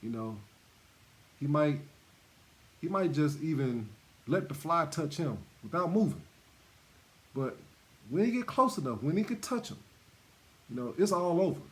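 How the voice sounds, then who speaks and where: A man's voice: fairly high pitch, expressive, measured pace, pauses often. A man teaching scripture in a sermon style, repeating points emphatically and laughing between them. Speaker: bible teacher. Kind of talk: sermon-style bible study.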